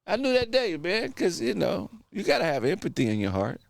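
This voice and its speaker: A podcast host in his thirties speaks in a high voice with huge pitch swings, fairly quick delivery and vocal fry. In casual chat he tells loose, profane stories, swearing and voicing his own past lines.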